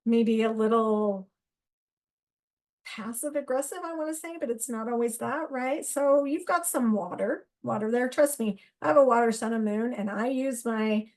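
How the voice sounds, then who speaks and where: A woman hosting a solo astrology talk, speaking straight to her listeners in an excitable, animated way and laughing at herself. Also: on the high side. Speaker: astrology podcast host.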